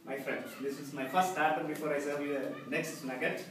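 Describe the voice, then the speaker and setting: A man's voice: fairly high pitch, steady tone, a little fast. Storytelling man in an echoey hall. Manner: storytelling, with acted quotes. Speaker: club speaker. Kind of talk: humorous prepared speech. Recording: echoey hall from far off, background noise.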